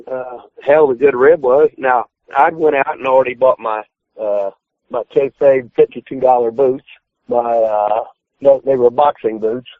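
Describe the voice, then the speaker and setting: A man's voice: medium pitch, dry recording. Foul-mouthed man on a tinny phone line. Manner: swears constantly, acts out his own quotes loudly. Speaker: retired pro wrestler guest. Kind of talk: profane storytelling on a phone-in podcast. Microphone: phone call.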